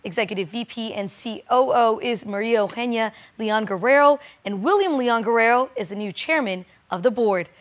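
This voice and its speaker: A woman's voice: a little high, moderate pace, few pauses. Woman anchoring a weekend newscast. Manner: smooth, even newsreader delivery. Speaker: news anchor. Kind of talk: scripted news reading.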